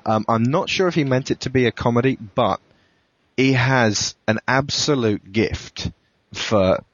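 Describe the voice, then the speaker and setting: A man's voice: mid-range voice, unhurried, fairly bright tone, no room sound, dull audio. A man hosting a podcast, casually reading a friend's story aloud and laughing at it now and then. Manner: amused, laughing at the text while reading. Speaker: podcast host.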